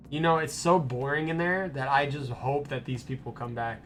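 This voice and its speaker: A man's voice: a little high, measured pace, hardly any pauses, a bit bright. A young man streaming a game, telling a rambling story in a casual way, with restarts and swearing. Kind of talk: casual gameplay stream chat. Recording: stream with faint game music.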